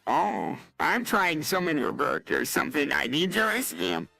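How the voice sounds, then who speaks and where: A text-to-speech voice playing a dim, earnest teenage boy from a cartoon, with a flat synthetic delivery. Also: on the high side, normal speed, creaky, no echo, faint music behind, exaggerated voice. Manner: flat synthetic voice, stumbling over words.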